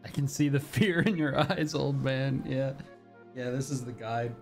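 A young man streaming a game live, talking to his chat in a nervous, excitable way. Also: mid-range voice, measured pace, vocal fry, faint music behind.

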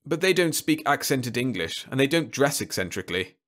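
A man's voice: mid-range voice, sing-song, a little fast, a bit bright. A man voicing a precise, matter-of-fact army colonel. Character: measured older male army colonel.

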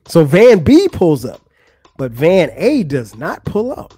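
A man's voice: takes it slowly, long pauses, husky, no room sound, soft background music. A man hosting a podcast, telling a funny story in a casual way and acting out the people he quotes. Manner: animated, acts out quotes with rising pitch. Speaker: podcast host.

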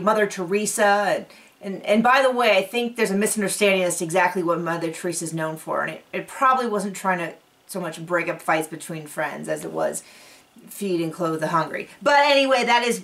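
A woman's voice: a little high, a bit bright, far from the mic. A woman talking through a reality TV episode in a casual, rambling way, full of asides, recorded at home. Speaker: reality TV recap vlogger. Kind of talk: casual chat recap. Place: home on a cattle ranch. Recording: voice set back from the mic.

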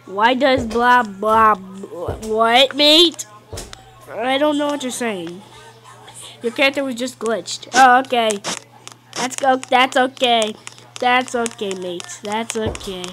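High, excitable gaming woman. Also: slow, faint music behind, rough recording. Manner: excitable, yelling and taunting at the game. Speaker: gaming video host. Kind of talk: casual gameplay commentary.

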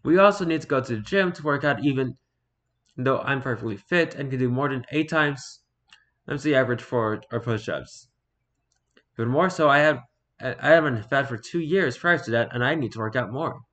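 A man reading online stories aloud in a casual, halting way, stumbling over words and breaking off to comment. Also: medium pitch, a bit bright. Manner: reads haltingly, stumbles and repeats words, then comments offhand.

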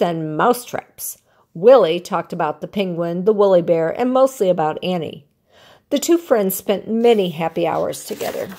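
Older woman, grandmother, storybook reading, husky voice, swooping lively pitch. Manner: expressive, animated read-aloud. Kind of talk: children's picture book reading.

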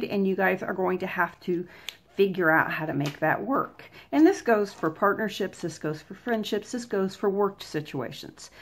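A woman hosting a vlog, giving advice in a casual, conversational way. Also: medium pitch. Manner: conversational, plain-spoken, acts out examples. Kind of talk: casual explanatory talk.

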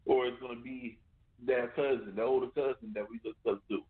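A man's voice: mid-range voice, fairly even intonation, brisk. A man hosting a radio talk show, speaking conversationally and often asking "you know what I'm saying". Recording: tinny phone line.

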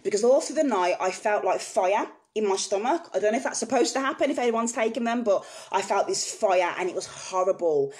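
A woman's voice: mid-range voice, expressive, a little fast, few pauses, a little mellow. Earnest woman telling her story. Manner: earnest and emotional, speaks frankly to viewers. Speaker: vlogger sharing personal experience. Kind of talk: candid personal storytelling to camera.

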